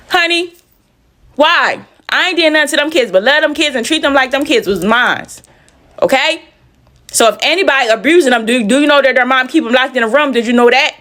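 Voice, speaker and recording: A woman's voice: on the high side, fairly quick, fairly bright tone. Emphatic woman telling a story. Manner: emphatic, repeats phrases for effect. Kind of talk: casual storytime.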